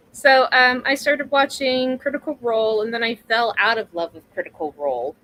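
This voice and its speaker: A woman's voice: high-pitched, sing-song, unhurried, sharp tone, poor audio. A woman in her mid-thirties talking casually as an interview guest, rambling, laughing often and swearing freely. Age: 30s. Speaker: guest streamer.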